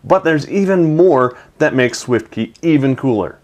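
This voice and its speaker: A man's voice: mid-range voice, animated, unhurried, a little mellow. A man hosting a tech video, narrating a product demo in an enthusiastic, chatty way.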